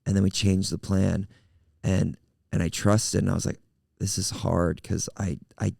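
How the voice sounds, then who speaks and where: A male pastor in casual podcast chat, telling a story in an animated way and acting out the quotes. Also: low-pitched, a little slow, creaky, dry recording, clean studio sound.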